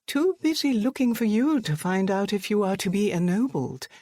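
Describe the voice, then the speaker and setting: An audiobook narrator voicing a sharp-witted young woman who speaks in a brisk, dry, teasing way. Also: medium pitch, big pitch swings, no echo, pitched above the performer's own voice, lightly acted. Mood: brisk, amused.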